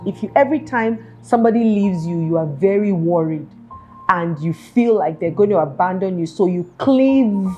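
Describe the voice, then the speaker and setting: Mellow-voiced woman asking rhetorical questions. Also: fairly low pitch, moderate pace, muffled recording, soft background music. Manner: earnest, asks listeners rhetorical questions. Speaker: podcast host. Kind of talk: self-help talk monologue.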